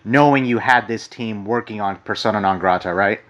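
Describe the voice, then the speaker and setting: Male interview host, bright and forceful tone, eager, long-winded questions. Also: on the low side, fairly quick. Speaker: podcast host.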